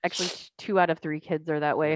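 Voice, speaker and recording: A woman's voice: low-pitched, fairly even intonation, fast, no room sound. A woman co-hosting a podcast in casual chat, laughing often and joking about herself. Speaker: podcast co-host.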